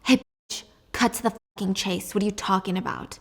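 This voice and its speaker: A woman's voice: mid-range voice, a little fast, gravelly, a bit bright. A woman doing a blunt foul-mouthed girl. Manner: blunt, swearing. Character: foul-mouthed young woman fresh out of prison.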